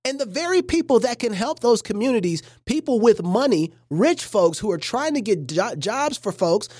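Lively, joking woman streamer. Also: a little high, dry recording, studio quality. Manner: animated, joking, preachy asides. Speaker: livestream host. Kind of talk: casual reaction commentary.

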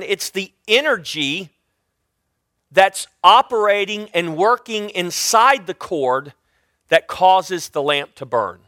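Loud, emphatic high-voiced man preaching. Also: no echo, clean studio sound. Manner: loud, emphatic delivery with repeated restarts. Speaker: Bible teacher. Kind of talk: sermon-style Bible teaching.

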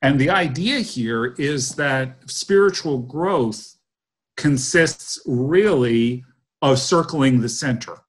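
A man's voice: mid-range voice, lively intonation, slow pace. A man in a casual discussion, explaining ideas step by step in a methodical way.

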